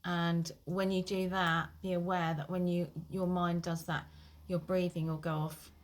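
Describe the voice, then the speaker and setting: A woman with a lowish voice gives casual advice on coping with IBS. She is frank and encouraging, mixing plain talk with a little swearing and quick acted-out inner thoughts. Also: level tone. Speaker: IBS therapist. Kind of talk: casual direct-to-camera advice.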